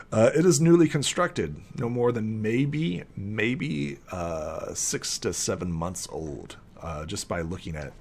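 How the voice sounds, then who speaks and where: Young male game master, lowish voice, rambling casual narration. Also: vocal fry, darkish tone, slight background noise. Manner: rambling, heavy with fillers.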